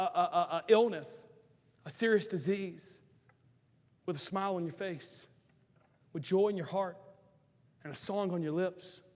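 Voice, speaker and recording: A middle-aged preacher delivers a fervent sermon in a strikingly high voice. He climbs into shouts and then sinks to near hushes. The sound carries the long reverb of a big church sanctuary. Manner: impassioned, rising to shouts then dropping low.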